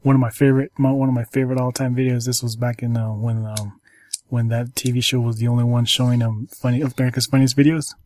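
A man with a mid-range, slightly mellow voice hosts a casual chat, telling stories and going through apps haltingly, with many ums and restarts. His pitch barely moves, and there's no echo.

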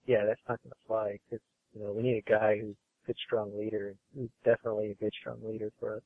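A man's voice: on the low side, level tone, fast talker. A man guesting on a podcast, talking loosely about his studio job with lots of fillers and restarts. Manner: rambling, filler-heavy, easygoing. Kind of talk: casual interview chat. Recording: phone-like call audio.

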